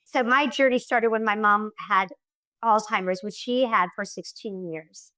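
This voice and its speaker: A middle-aged woman, a podcast guest, chatting casually and telling stories with lively enthusiasm. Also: medium pitch, a little slow, no room sound. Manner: effusive, animated storyteller. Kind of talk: casual interview chat.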